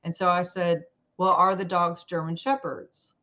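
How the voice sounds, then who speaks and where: A woman guest in an interview telling a personal story in an animated way, acting out the lines of the people in it. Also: fairly low pitch, measured pace. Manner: animated, acts out quoted dialogue.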